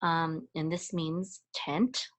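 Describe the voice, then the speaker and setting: A woman with a slightly low voice gives a Hebrew reading lesson. She speaks very slowly, hesitating often and restarting her phrases as she sounds out each letter and vowel one by one. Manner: patient, hesitant, many fillers and restarts; spells out sounds and syllables one by one. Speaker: Hebrew and Torah chanting teacher. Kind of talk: slow step-by-step reading lesson.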